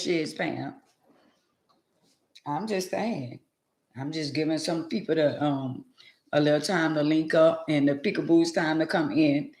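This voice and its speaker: A woman's voice: sits low, darkish tone. An older woman hosting a casual live-stream chat. She talks in a folksy way and leans on emphatic rhetorical questions. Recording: echoey room.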